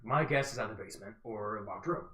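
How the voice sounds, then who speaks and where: A man's voice: fairly low pitch, fast, bright, forceful tone, reverberant. A man playing a tabletop game, hesitant and restarting his sentences. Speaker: player.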